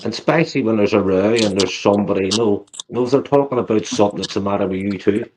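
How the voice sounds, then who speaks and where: Foul-mouthed stream caller, ranting, over a noisy line. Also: male voice, lowish voice, quick pace. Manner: crude, swears constantly, ranting. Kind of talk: casual profane banter.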